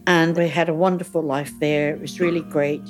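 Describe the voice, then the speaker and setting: A woman's voice: low-pitched, fairly quick, music in the background. An older woman, a mother, telling family stories in a casual interview and acting out old moments with laughter. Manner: animated, laughing as she acts out memories.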